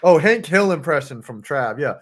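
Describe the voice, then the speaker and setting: A man's voice: on the high side, expressive, normal speed, a bit bright. A man co-hosting a casual watch-along podcast chat, joking and laughing between plays. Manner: joking, trades cartoon impressions, laughs often. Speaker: podcast co-host.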